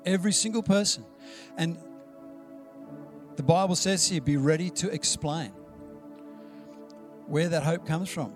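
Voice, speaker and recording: A man's voice: on the high side, unhurried, pauses often, faint music behind. A man preaching a sermon in a conversational, storytelling way, acting out the dialogue he quotes. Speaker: pastor.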